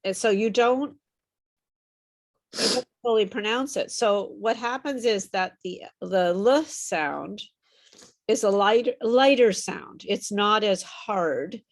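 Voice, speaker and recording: A woman's voice: mid-range voice, takes it slowly. A woman tutoring a small online class in pronunciation, modelling words and repeating them patiently. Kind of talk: online group lesson.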